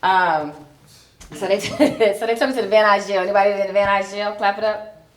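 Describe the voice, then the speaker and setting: A woman's voice: medium pitch, steady tone, fairly quick, slight background noise. Forty-something woman comic from Chicago. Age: 40s. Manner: chatty, filler-heavy, self-mocking. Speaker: stand-up comedian. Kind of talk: stand-up comedy. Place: comedy club on stage. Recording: echoey club room.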